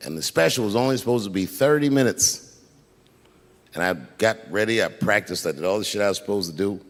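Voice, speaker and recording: A man telling a profane, animated story in stand-up, acting out scenes. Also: on the low side, a little fast. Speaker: stand-up comedian. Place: comedy stage. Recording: echoey live venue.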